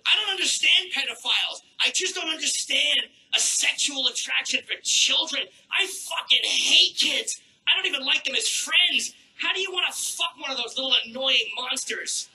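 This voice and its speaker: A man doing a crude stand-up routine on a theater stage with a handheld mic, brash and mock-outraged, troubled by his throat and clearing it. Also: extremely high pitch, expressive, normal speed, pushed and bright, rough recording. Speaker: stand-up comedian. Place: theater stage before a live audience.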